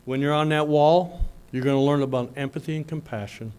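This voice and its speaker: A man's voice: fairly high pitch, fairly quick, clean tone. Folksy middle-aged man telling a story. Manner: folksy, animated storyteller with asides. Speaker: graduation speaker. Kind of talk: motivational speech with storytelling.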